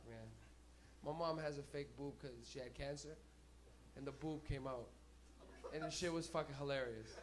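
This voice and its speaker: A young man hosting a comedy night and telling stand-up stories in a loud, profane way, breaking into laughter, in a small club. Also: fairly high pitch. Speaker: comedy host. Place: small smoky comedy venue.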